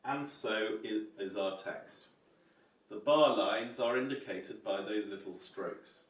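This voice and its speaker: Slow-spoken man in an echoey room. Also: lowish voice. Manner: measured and explanatory, often saying "yeah?"; plays piano while demonstrating. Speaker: choral music teacher. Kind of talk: music lesson on psalm chanting. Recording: echoey room, distant mic, piano.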